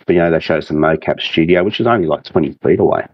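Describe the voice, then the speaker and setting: Deep-voiced Australian man, rambling. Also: no room sound, dull audio. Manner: rambling, halting, full of restarts and fillers. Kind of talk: casual chat.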